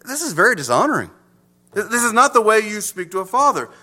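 A man preaching a sermon, swinging from emphatic to hushed as he explains. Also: sits high, sing-song, fast. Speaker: pastor.

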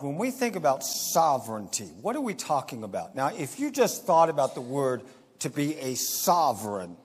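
A man preaching a sermon as pastor, emphatic and slowing down to stress key phrases. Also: on the high side. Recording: long hall reverb.

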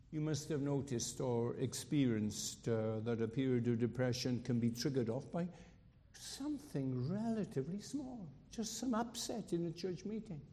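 A man preaching a sermon with emphatic rises and dramatic pauses, acting out quotes. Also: on the high side, mellow. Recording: reverberant hall.

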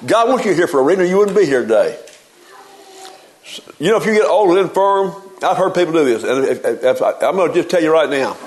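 A man's voice: on the high side, very animated, fast talker, low-quality recording. A man preaching a sermon in a folksy, emphatic way, often repeating words as he gets going.

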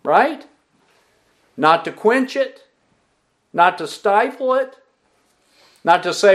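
A man preaching a sermon with a high, animated voice that climbs and falls sharply. He delivers it emphatically and keeps putting questions to the congregation, then repeating their answers back to them. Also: a little slow, pauses often. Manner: emphatic preaching with lively rises and drops. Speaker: pastor.

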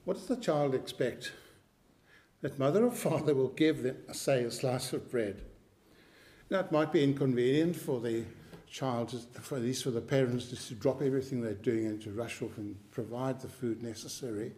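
A man preaching a sermon, slow and emphatic, repeating key phrases and clearing his throat now and then. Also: mid-range voice, dark tone.

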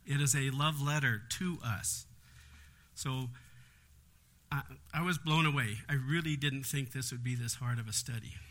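A man's voice: medium pitch, a little slow, a bit bright. A man leading a Bible study in an earnest, explanatory way, with frequent conversational asides.

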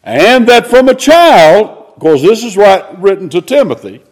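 A man preaching, reading scripture aloud and explaining it, rising to loud exclamations. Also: high-pitched, very animated, a little slow. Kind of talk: expository sermon.

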